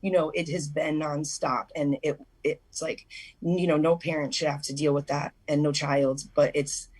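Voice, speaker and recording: A woman's voice: sits low, flat delivery, moderate pace, darkish tone. A young adult woman, a guest on a call-in radio interview, telling an emotional personal story in a rambling way, full of restarts and fillers.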